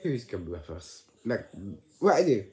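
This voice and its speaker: A man chatting casually on his vlog, rambling and halting, often repeating his words. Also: fairly low pitch, very animated, warm tone, roomy sound. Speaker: vlogger.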